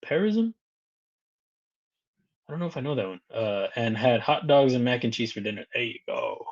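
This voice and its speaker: Lively, chatty man on a muffled stream. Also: mid-range voice, moderate pace. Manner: chatty, reads out viewer comments and greets them; laughs often between remarks. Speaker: live stream host. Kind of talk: casual live stream chat.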